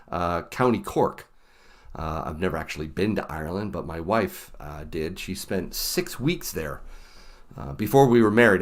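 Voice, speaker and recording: A middle-aged man from the United States hosting a casual livestream, chatty and animated, laughing often. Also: fairly low pitch. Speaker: livestream host.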